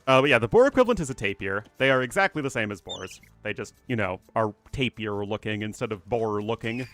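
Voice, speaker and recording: Lively American man casting a game. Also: fairly low pitch, brisk. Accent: General American. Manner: chatty, answers chat between plays. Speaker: esports caster. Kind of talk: live game commentary.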